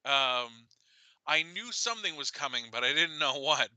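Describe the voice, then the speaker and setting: A middle-aged man co-hosting a casual chat show, animated and laughing as he tells a story. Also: fairly high pitch, normal speed, smooth, no room sound, poor audio. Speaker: co-host.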